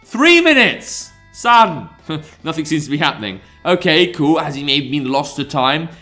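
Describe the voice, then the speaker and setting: A man's voice: fairly high pitch, animated, normal speed, fairly bright tone, soft background music. A young man doing rambling, jokey, self-mocking let's play commentary as a YouTuber.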